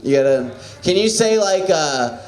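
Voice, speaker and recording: A man in his late twenties starting a stand-up set, halting and full of fillers. His pitch swings lively and sits a little high. The room is echoey. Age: 20s. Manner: halting, full of likes and restarts. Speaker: open mic comic. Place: small room at a comedy open mic.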